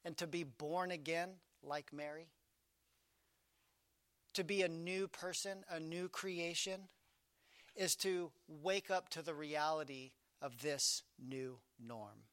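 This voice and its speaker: A man preaches with a high-pitched voice, recorded close and dry with no room sound. He swings from loud, emphatic lines down to quiet, intimate ones. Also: fairly even intonation, slow, no room sound. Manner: dynamic preaching, swinging from loud emphasis to hushed low delivery. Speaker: pastor. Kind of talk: sermon.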